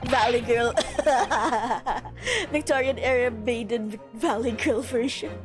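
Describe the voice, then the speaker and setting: A woman streamer chatting casually and excitedly while playing a game, over music. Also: on the high side, slow pace. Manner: giggly, excitable. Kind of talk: casual let's-play chat.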